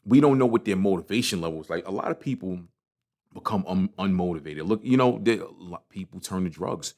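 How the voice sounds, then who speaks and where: This podcast host has a low, slightly mellow voice and talks animatedly, a little fast. His casual motivational monologue about failure is passionate, with frequent swearing and lots of repetition.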